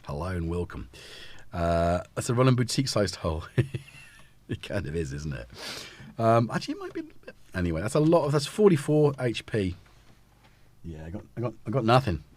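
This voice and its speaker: A man's voice: on the low side, big pitch swings, fairly quick, long pauses, a little mellow. A man hosting a casual live stream, talking in a rambling, self-interrupting way while he fits synth modules into a case. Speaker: host.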